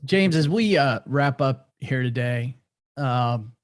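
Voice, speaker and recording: A man hosting a podcast, wrapping up the interview in a relaxed way with filler words. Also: mid-range voice, slow. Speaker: podcast host. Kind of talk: casual interview wrap-up.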